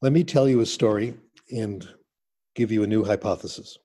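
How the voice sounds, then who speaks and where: An older man, a linguist being interviewed, tells anecdotes in a chatty, casual way and laughs at himself. His voice is fairly low and dark in tone, at a moderate pace.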